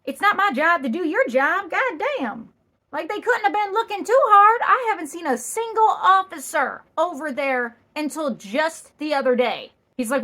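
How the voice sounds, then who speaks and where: A woman's voice: high-pitched, expressive, moderate pace, bright, forceful tone. A young adult woman telling a funny story with sassy punchlines and exaggerated asides. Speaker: comedian. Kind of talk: comedic storytelling.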